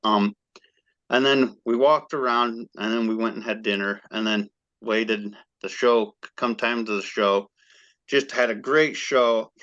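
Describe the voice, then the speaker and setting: Male guest, casual animated storyteller who acts out quotes; mid-pitched voice, muffled lo-fi audio. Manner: excited, animated storyteller acting out quoted dialogue. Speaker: guest fan.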